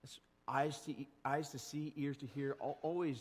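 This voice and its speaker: A man preaching a sermon as pastor, animated, acting out short voices and quotes. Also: medium pitch, moderate pace, hardly any pauses, breathy edge, long reverb tail. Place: church sanctuary.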